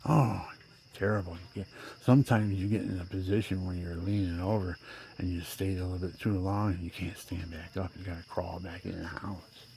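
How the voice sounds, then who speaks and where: Gravelly seventy-something man rambling. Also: low voice, fairly even intonation, a little fast, a little hiss or hum. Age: 70s. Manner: rambling, drifts between loud outbursts and near-whispers. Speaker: vlogger. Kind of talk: rambling personal monologue.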